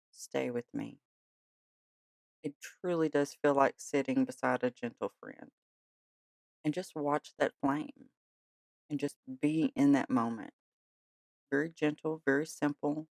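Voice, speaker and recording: A podcast host in a gentle, chatty way of talking, tired and yawning late at night. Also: mid-range voice, a little slow, pauses often, no room sound. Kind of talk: casual podcast talk.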